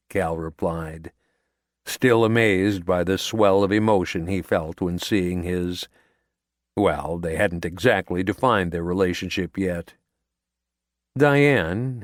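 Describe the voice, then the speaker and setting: A man narrating an audiobook in a measured, steady storytelling manner, recorded in a voice-over booth. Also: low-pitched, no room sound, studio quality. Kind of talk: scripted narration.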